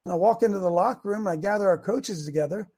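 A man hosting a talk show, giving a folksy, preachy monologue with many restarts that builds to shouting. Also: high-pitched, quick pace, slightly rough. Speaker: host.

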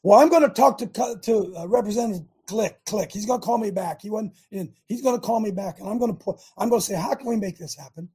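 A man's voice: sits high, fast, few pauses, dark tone, breathy edge. An older American man hosting a talk show, rallying listeners in a rambling, preachy monologue with many restarts.

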